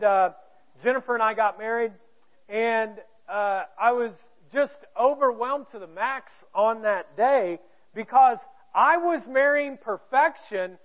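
High-voiced pastor with a tinny sound. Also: male voice. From Indiana, US. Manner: candid, self-deprecating, joking. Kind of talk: sermon. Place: church auditorium. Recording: tinny, phone-like narrow sound.

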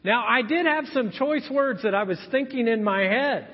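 A man's voice: very high voice, moderate pace. Man, pastor, sermon, storytelling, long church reverb, muffled lo-fi sound. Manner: animated storytelling, acting out quotes. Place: church sanctuary.

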